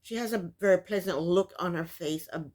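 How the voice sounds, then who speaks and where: A woman's voice: on the low side, fairly quick, a little mellow. A woman vlogger recapping a reality TV episode in casual, opinionated commentary, exasperated and loose, with frequent restarts. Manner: loose, full of restarts and fillers.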